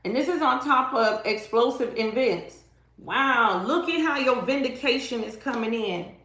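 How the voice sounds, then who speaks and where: A woman's voice: on the high side, lively intonation, a little slow, a bit bright, roomy sound. A woman giving a live-stream tarot reading, talking emphatically and dramatically straight to her viewers. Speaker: tarot reader.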